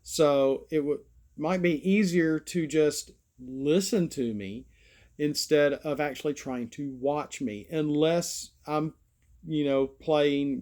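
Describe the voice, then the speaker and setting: In a folksy, meandering vlog monologue, a man with an Alabama Southern accent pokes fun at himself. His voice is on the high side with a darkish tone.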